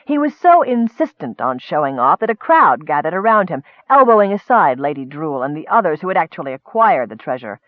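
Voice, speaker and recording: Man narrating with lively, sing-song pitch. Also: brisk, hardly any pauses, no echo, muffled recording. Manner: lively, comic storytelling. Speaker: audiobook narrator. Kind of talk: scripted narration.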